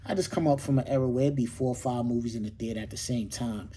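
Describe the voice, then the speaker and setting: A man's voice: medium pitch, fast, dark tone. A middle-aged man hosting his own show, talking casually and animatedly, with lots of slang, rhetorical questions and repetition. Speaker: host. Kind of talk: casual monologue to camera.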